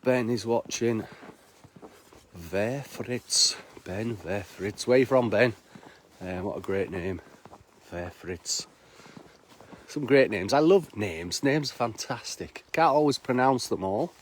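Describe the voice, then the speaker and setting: A man's voice: lowish voice, animated, takes it slowly, slight background noise. A man chats casually as he hosts a live stream, greeting viewers by name while walking outdoors through snowy streets. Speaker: live-stream host and bar worker.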